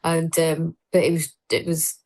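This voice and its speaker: Woman, lowish pitch, chatty guest, lively anecdotes, mimics voices in her stories. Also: measured pace, rough recording. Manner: lively storyteller, mimics people she quotes. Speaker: guest, presenter and comedian. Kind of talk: casual anecdotal chat.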